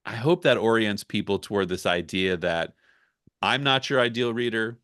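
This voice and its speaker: Low-voiced man, dry close sound. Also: animated, normal speed, fairly bright tone, no echo. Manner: candid, reflective, talks it through. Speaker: ghostwriter guest. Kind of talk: casual podcast conversation.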